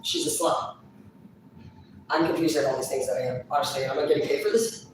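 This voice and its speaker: A woman's voice: extremely low pitch, fairly even intonation, rapid-fire, darkish tone, a little hiss or hum. A woman vlogger talking in a rambling, casual monologue, crude and blunt, swearing constantly. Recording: echoey room, far from mic.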